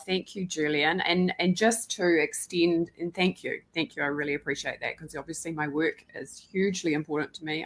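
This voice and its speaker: A woman's voice: low-pitched, slightly rough. A woman hosting a podcast interview, chatting casually and effusively in long run-on bursts. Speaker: podcast and radio show host.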